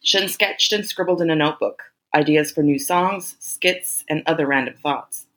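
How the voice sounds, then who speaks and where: A woman reading a story aloud as narrator in a measured, even way. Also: sits low, poor audio. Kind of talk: scripted narration.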